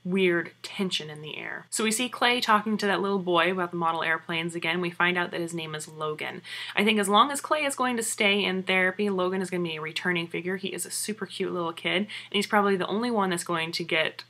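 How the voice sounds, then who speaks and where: Bright, chatty woman recapping a show. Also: on the low side, quick pace. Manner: chatty, excited, asks viewers questions. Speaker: TV episode recap vlogger. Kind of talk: casual episode recap.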